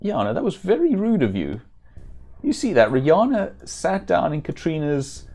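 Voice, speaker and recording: A man's voice: fairly high pitch, big pitch swings, moderate pace, a little mellow. A man giving chatty, casual commentary while streaming a game, with self-deprecating asides.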